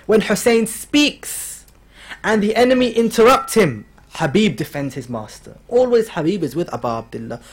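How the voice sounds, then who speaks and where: Heard with slight background noise, a man with a high, very animated voice speaks at normal speed. He's a religious speaker giving a mourning sermon in a lecture hall, telling a story and voicing its figures with rising emotion.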